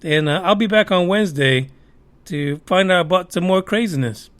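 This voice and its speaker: High-voiced man ranting on a podcast. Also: normal speed, a bit bright, smooth. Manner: profane, sarcastic, heated. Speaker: podcast host. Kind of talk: ranting news commentary.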